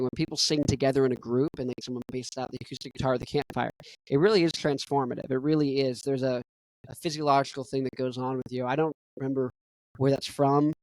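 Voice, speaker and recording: A man's voice: medium pitch, dry recording, low-quality recording. A young man hosting a podcast, rambling in a casual monologue and often tagging "right?" and "you know" onto his thoughts. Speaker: podcast host.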